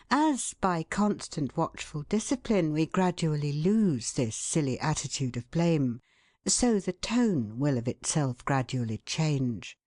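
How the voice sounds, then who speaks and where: Slow, lively-pitched woman narrating an audiobook. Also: no room sound, studio quality. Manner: measured, expressive reading with voiced quoted asides. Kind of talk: scripted narration of a classic essay.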